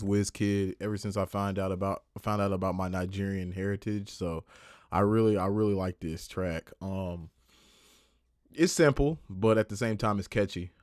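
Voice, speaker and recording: Male mix engineer, low voice, dry close sound, loose rambling livestream delivery. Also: clear, resonant tone, dry recording. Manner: rambling, self-correcting, loose. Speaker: music producer and mix engineer. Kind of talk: casual livestream tutorial.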